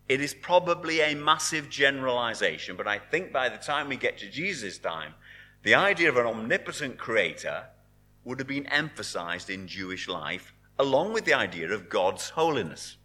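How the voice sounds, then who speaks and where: A man preaching a sermon with a bright, forceful tone. His pitch rises and falls in a lively way. He speaks earnestly and sinks to a hushed hold on the words he wants to stress. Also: moderate pace. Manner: earnest preaching, dropping to soft emphasis on key words.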